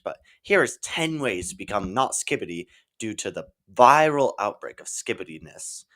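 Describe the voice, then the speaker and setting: A man's voice: fairly low pitch, expressive, bright, forceful tone. Rambling man hosting a silly talk show. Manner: rambling, halting, full of ums and likes. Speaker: comedy talk show host. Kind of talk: silly sketch monologue.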